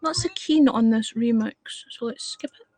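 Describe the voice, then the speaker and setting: A woman's voice: a little high, moderate pace, darkish tone, no echo, faint music behind. A woman chatting with viewers on a livestream, blunt and full of swearing as she rants. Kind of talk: casual live-stream chat.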